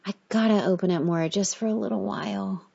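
A restless young woman who complains in a raised, whiny voice, put on by a woman reading. She sounds cranky and fidgety, her lines pitched above the reader's own. The audio is muffled and lo-fi. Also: fairly quick, vocal fry, mellow, slightly rough.

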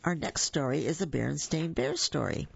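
A storyteller reading children's stories aloud, with gentle chatty asides to the listeners. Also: mid-range voice, moderate pace, gravelly, breathy edge. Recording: muffled lo-fi recording.

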